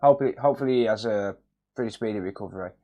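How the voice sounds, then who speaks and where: A man hosting a casual repair livestream, greeting viewers by name in a relaxed, jokey way from a cluttered home workshop. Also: fairly low pitch, racing, dull audio. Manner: relaxed, jokey, reads chat names aloud.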